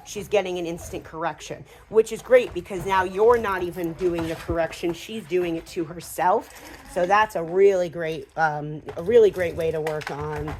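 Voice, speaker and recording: A woman dog trainer talking casually through a hands-on training demonstration, with fillers and quick asides to the dog. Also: lowish voice, darkish tone, slight background noise.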